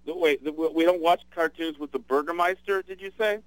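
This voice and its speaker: Halting older male radio host. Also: a little high, no room sound, low-quality recording. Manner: halting, many restarts. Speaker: radio talk show host. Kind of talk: call-in radio talk.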